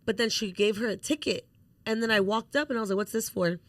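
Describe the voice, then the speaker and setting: A young woman co-hosting a podcast, casually telling a lively story and swearing freely as she acts out what people said. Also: a little high, fast talker, dry recording. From Mexican heritage. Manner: animated, swears freely, acts out quoted voices. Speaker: podcast co-host.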